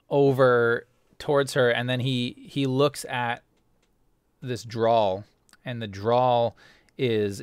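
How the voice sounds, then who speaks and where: A man narrating as game master of a tabletop game, halting with frequent restarts. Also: medium pitch, clean tone, no echo, studio quality.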